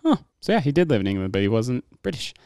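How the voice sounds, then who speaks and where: A man's voice: medium pitch, sing-song, fast, darkish tone, clean tone, dry recording, clean studio sound. A man casually discussing a war film with friends, rambling with many fillers and restarts. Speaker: podcast co-host.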